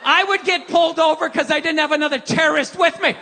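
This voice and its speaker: A man doing a stand-up rant on stage, cursing freely and yelling his punchlines while mocking people in put-on voices. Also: extremely high pitch, fairly even intonation, fast talker, creaky. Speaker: stand-up comedian. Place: large comedy venue with a live audience. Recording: live stage recording, long hall reverb, crowd noise.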